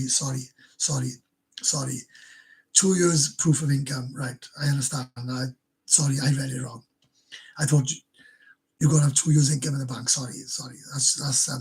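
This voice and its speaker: A man's voice: medium pitch, darkish tone, breathy edge. A man with a Welsh accent hosting a casual livestream, rambling, swearing freely and stumbling over repeated words as he answers viewers. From Wales. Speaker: livestream host.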